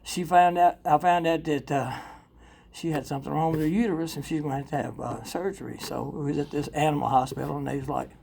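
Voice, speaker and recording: Gravelly, blunt older man sharing his story. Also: fairly high pitch, fairly even intonation, quick pace, slight background noise. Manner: blunt, profane and candid, rambling with fillers; laughs often, voice swings from loud to quiet. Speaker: speaker sharing at a recovery convention workshop. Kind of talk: personal recovery testimony to a live audience.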